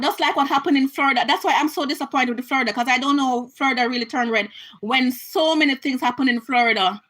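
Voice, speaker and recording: A woman's voice: high-pitched, a bit bright, poor audio. A Jamaican woman giving an impassioned political rant to her camera, emphatic and repetitive, often restarting her sentences. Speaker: vlogger.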